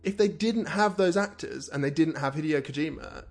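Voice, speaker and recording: A man's voice: on the high side, moderate pace. A man co-hosting a casual chat, blunt and opinionated, swearing casually. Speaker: podcast co-host.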